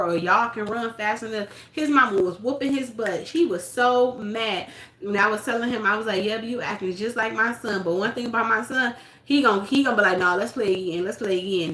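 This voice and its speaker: A woman hosting a casual livestream, telling stories with animated acted-out quotes; she coaches youth basketball. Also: medium pitch, echoey room. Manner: animated storytelling, acts out quotes. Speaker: livestream host.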